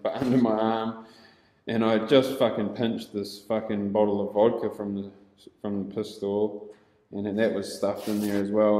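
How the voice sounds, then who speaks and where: A young New Zealand man with a New Zealand accent telling a rough story casually, heavy on swearing and laughter, now and then shouting. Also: lowish voice, roomy sound, rough recording.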